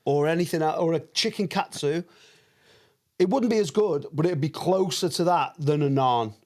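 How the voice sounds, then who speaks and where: A man, hosting a podcast and chatting in quick, playful banter. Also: a little high, a little mellow. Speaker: podcast host. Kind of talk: casual chat.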